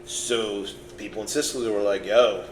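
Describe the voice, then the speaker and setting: A man's voice: on the low side, normal speed. A man co-hosting a casual podcast, telling a story in a playful, chatty way and acting out the quotes. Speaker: podcast co-host. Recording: roomy with faint noise.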